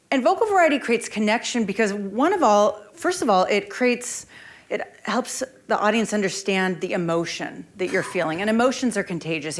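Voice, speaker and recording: A woman presentation coach leading a conference workshop, lively and speaking straight to the audience. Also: mid-range voice. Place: conference room.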